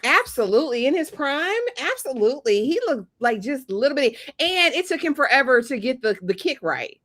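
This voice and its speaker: A woman's voice: sits high, sing-song, a little fast, fairly bright tone. A woman in a casual comedic chat, blunt and emphatic, who repeats her lines for comic effect. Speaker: co-host.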